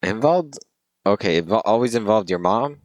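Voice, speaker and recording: Brief: young male podcast co-host, very low voice, loose rambling banter. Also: animated, normal speed. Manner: joking, rambling, trails off quietly. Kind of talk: casual chat.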